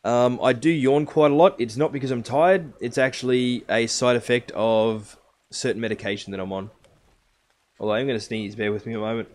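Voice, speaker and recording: A man's voice: mid-range voice, a little fast, darkish tone. A man streaming a survival game live, casually explaining each step to his viewers. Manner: chatty, explains steps to viewers.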